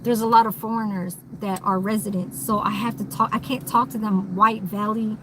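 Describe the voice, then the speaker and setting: A woman's voice: medium pitch, fairly even intonation, moderate pace, noisy background. A woman vlogging in a candid, rambling monologue, blunt and swearing freely, recorded inside a vehicle.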